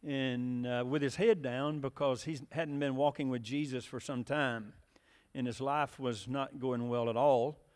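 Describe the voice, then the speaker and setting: A man's voice: mid-range voice, steady tone, measured pace, darkish tone, big-room sound. A man preaching a sermon in a folksy, storytelling way, with many fillers and questions to the congregation.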